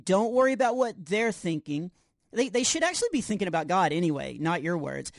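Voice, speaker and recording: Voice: mid-range voice, animated, brisk, vocal fry, dry recording. Adult playing a goofy, boastful boy hero for a kids' podcast, bouncy sing-song delivery, dry studio sound. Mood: cheerful. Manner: boastful, self-deprecating jokes. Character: goofy overconfident boy superhero. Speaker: co-host. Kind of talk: scripted kids' podcast comedy.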